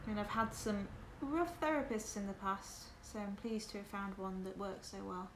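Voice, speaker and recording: A woman's voice: mid-range voice, moderate pace. Chatty woman with a Southern English accent. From West Yorkshire, England. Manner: chatty and candid, many fillers and restarts. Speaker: livestream host. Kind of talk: casual chat with stream viewers. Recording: echoey room with background noise.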